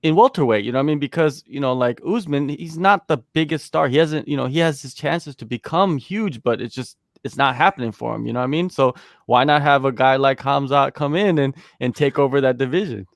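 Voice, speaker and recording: Male chat host, mid pitch, dry close sound, emphatic and lively. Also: brisk, hardly any pauses, no room sound. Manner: emphatic, animated, peppers talk with "man". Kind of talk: casual sports talk chat.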